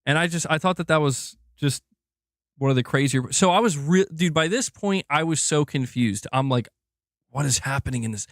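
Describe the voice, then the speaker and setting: A man hosting a gaming channel, reviewing a game in a casual livestream, rambling and excitable, swearing freely. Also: a little high, moderate pace, no room sound, studio quality.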